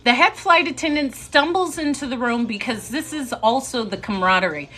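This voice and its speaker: A young woman casually telling a story to a live audience, chatty and animated and laughing now and then. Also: high-pitched, fairly quick.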